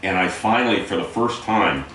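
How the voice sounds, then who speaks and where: Low-voiced man telling navy anecdotes. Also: moderate pace, a bit bright, slight background noise. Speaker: interviewer and navy veteran. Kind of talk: casual storytelling. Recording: very echoey room, distant mic.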